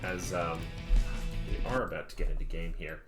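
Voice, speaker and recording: Laid-back low-voiced male esports caster. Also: steady tone, moderate pace, over music. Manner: laid-back, rambling, joking asides. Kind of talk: casual live-stream commentary.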